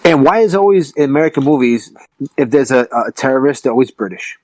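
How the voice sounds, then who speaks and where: A man's voice: medium pitch, lively intonation, fast, darkish tone, dry recording. A man hosting a podcast in casual chat, joking and swearing freely. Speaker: podcast host.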